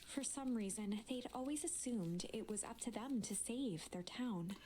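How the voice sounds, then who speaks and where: A woman giving measured, scripted storybook narration for a game. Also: fairly high pitch, expressive, warm tone.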